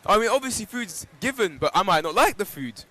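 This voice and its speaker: A man's voice: high voice, very animated, brisk, sharp tone. A man being interviewed outdoors on a pilgrimage walk, telling personal stories in a reflective way with plenty of fillers. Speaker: interview guest. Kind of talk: live outdoor broadcast interview.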